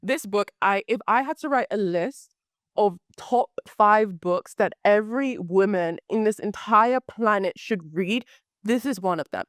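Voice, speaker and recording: A young woman hosting a podcast, chatting animatedly about books with a slightly hoarse voice, repeating words for emphasis. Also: mid-range voice, a little slow, dry recording, clean studio sound. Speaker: podcast host. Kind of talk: casual book talk.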